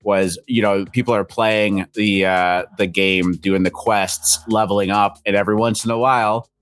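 A man co-hosting a casual online show, explaining things in a relaxed way. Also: fairly low pitch, moderate pace. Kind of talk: casual podcast chat.

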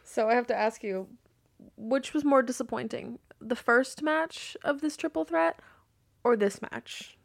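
A woman's voice: on the high side, measured pace, vocal fry. Blunt, sarcastic woman podcast co-host. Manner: blunt, sarcastic, swears freely. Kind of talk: casual wrestling recap chat.

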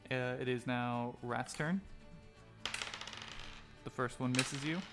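A man's voice: mid-range voice, fairly even intonation, slow pace. A man narrating a tabletop game as game master, in a casual, crude, rambling way. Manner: casual, crude, filler-heavy. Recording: faint music behind.

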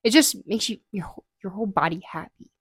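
A young woman co-hosting a podcast, telling a story in a lively way and acting out the voices in her tale. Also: mid-range voice, a little fast, slightly rough, no room sound, clean studio sound. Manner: animated storytelling with shrieking acted-out quotes. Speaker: podcast co-host. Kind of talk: casual chat.

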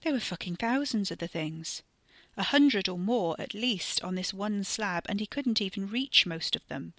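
Woman, horror story narrator, measured, slows for tension, bright tone, dry close sound. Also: mid-range voice, lively intonation, no echo. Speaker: podcast storyteller. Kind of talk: scripted narration.

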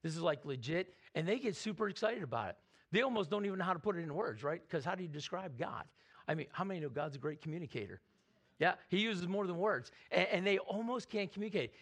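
High, gravelly-voiced pastor preaching. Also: male voice. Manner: energetic preaching, call-and-response with congregation; repeats words, slows to read scripture. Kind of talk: sermon. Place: church sanctuary.

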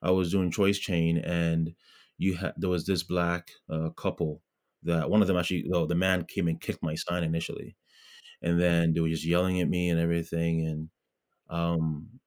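A man's voice: sits low, little pitch movement, moderate pace, darkish tone. A man from Ghana, a guest in an interview, talking earnestly with lots of fillers and restarts. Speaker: guest, pro-life blogger. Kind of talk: casual interview talk.

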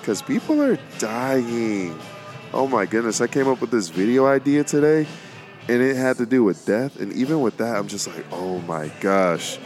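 A man's voice: mid-range voice, animated, normal speed, a little mellow, faint music behind. A young man talking casually about faith and his life as a podcast host, rambling and repeating words, with plenty of informal slang. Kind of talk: casual faith-based monologue.

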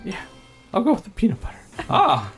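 A man voicing a nervous, evasive middle-aged male cafe owner in a tabletop game, hoarse and stammering. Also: high voice, huge pitch swings, fairly quick, a bit bright, faint music behind, voice pushed up, exaggerated voice. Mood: flustered. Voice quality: strained, hoarse put-on voice. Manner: hesitant, stammering.

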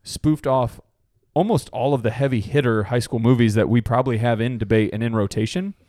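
A man in a dry, close-miked casual talk, telling his friends about a favorite film. He slips into high, lively voices to quote the characters and keeps laughing between lines. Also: fairly quick, dry recording. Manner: animated, acts out movie quotes with laughter. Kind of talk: casual movie chat.

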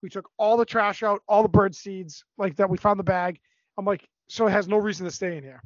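A man on a podcast telling a long story in a casual, animated way, swearing a lot. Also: high voice, brisk, no room sound. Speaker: podcast co-host. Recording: dry, dull lo-fi recording.

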